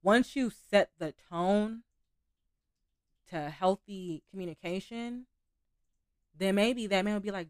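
A woman's voice: mid-range voice, slow, long pauses, darkish tone, dry recording, clean studio sound. A young woman hosting a podcast, talking candidly and casually about relationships, with some swearing. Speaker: podcast host.

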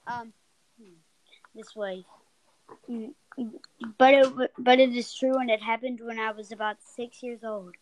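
A woman co-hosting a casual podcast, talking in a halting way with lots of fillers and chatty asides, then reading a scary story. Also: on the high side, steady tone, a little hiss or hum, low-quality recording. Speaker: podcast co-host.

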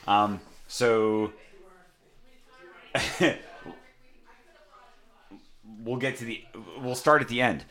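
A man's voice: mid-range voice, extremely slow, long pauses, pushed and bright. A young man telling a story in casual chat, laid back, swearing and laughing often. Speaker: podcast co-host.

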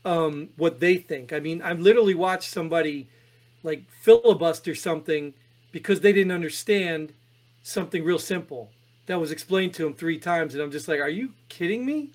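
A man co-hosting a podcast, talking through political headlines in an animated, exasperated way with many restarts. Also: fairly high pitch, moderate pace. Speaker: podcast co-host reading headlines. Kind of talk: casual political chat.

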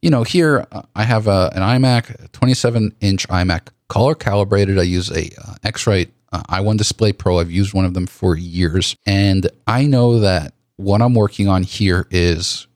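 A man's voice: sits low, normal speed, few pauses, darkish tone, no echo, studio quality. A man co-hosting a casual photography podcast, thinking aloud with restarts and repeated words. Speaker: podcast co-host. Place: home office.

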